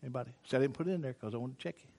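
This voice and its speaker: An older man preaching a sermon, folksy and teasing, moving between quiet asides and loud preaching. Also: mid-range voice, racing, gravelly. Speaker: pastor.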